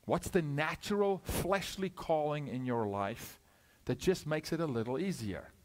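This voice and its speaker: A middle-aged male guest preacher with a fairly high voice that leaps up and drops low all the time. He preaches with drama, firing questions at the crowd and acting out little scenes. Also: animated, unhurried. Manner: dramatic, swinging from loud calls to hushed asides; asks questions, acts out dialogue. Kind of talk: sermon.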